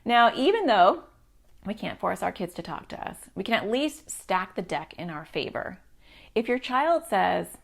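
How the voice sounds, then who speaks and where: A woman's voice: medium pitch, big pitch swings, a little slow, vocal fry. A middle-aged woman, a child therapist, giving parents advice to camera in a direct, reassuring way.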